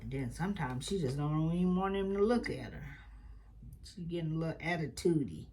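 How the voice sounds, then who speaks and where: A woman with a low, expressive voice talks briskly while running a sewing tutorial for her quilting channel. She chats loosely, drifting into family stories and occasional soft muttered remarks, with a slight hiss or hum present.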